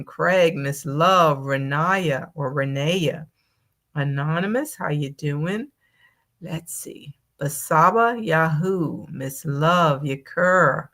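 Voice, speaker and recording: Slow-talking woman hosting a live stream. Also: low voice, a bit bright. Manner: slow, drawn-out greetings, reading names one by one. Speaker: channel host.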